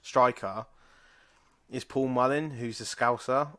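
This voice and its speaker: Co-hosting a casual podcast, an English man in his thirties meanders through anecdotes full of swearing and laughter. He speaks slowly in a mid-range, fairly bright voice with fairly even intonation.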